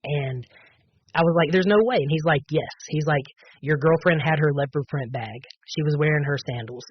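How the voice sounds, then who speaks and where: A man with a somewhat high, husky voice tells a personal testimony in an earnest, halting way, circling back with fillers and restarts. The audio is dull and lo-fi, like a modest podcast setup. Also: steady tone, dry recording. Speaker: podcast guest.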